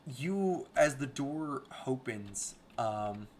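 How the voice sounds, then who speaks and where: A man serving as game master, narrating a fantasy scene and pausing often to find the next word. His voice sits at an ordinary middle pitch, and the talk is unhurried and casual. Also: animated, a little hiss or hum. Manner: halting, searching for words mid-sentence. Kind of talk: narrating a tabletop game over a call.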